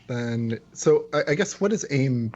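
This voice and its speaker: A tabletop player asks about rules in a hesitant, questioning way. The voice is husky and lively in pitch. The recording sounds dull and lo-fi. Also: a little slow.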